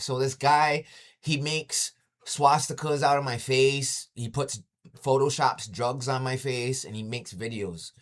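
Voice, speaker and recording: A man talking on a casual live stream from home, into a phone or webcam mic. He swears freely and ends his sentences with "yo." He acts out his stories and sometimes makes the sounds himself. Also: mid-range voice. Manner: profane, keeps saying "yo"; animated storytelling with sound effects. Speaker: livestreamer.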